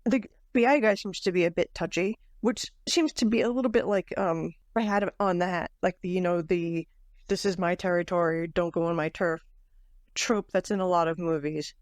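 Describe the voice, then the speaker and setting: A woman's voice: lowish voice, moderate pace, hardly any pauses, no echo, clean studio sound. A woman co-hosting a podcast, chatting casually about a book with fillers and restarts. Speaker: podcast co-host. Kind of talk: casual book club chat.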